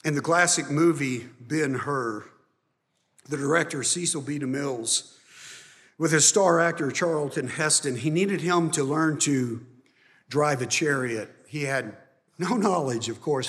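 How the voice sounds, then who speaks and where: Male pastor, sermon delivery, unhurried and emphatic, echoing hall sound. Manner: emphatic preaching, rising high and loud on key points. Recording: long hall reverb.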